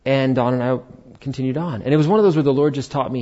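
A man's voice: mid-range voice, quick pace. A middle-aged man, a pastor, telling a personal story in a sermon in a conversational way and acting out the dialogue. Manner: animated, conversational, acts out dialogue. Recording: dull lo-fi recording.

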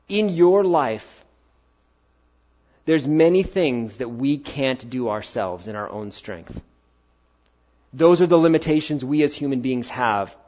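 A man's voice: a little high, lo-fi sound. Man preaching with punchy rhetorical questions. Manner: punchy rhetorical questions, swinging between loud and hushed. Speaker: pastor. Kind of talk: sermon.

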